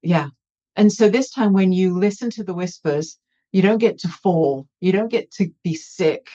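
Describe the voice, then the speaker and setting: A woman's voice: fairly low pitch, moderate pace, dark tone, lo-fi sound. A woman guest in an interview, telling her own story candidly with self-mocking humour. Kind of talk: storytelling in conversation.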